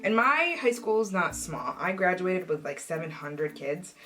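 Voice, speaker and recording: A young adult woman telling a personal story in a casual vlog, animated and acting out the voices of the people in it. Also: on the low side, measured pace. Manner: animated, acts out quoted voices. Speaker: vlogger.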